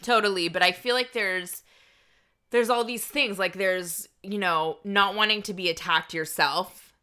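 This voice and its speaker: A woman's voice: mid-range voice, measured pace, bright, forceful tone, smooth. A woman comedian co-hosting a podcast, talking casually with lots of fillers and restarts. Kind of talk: casual chat.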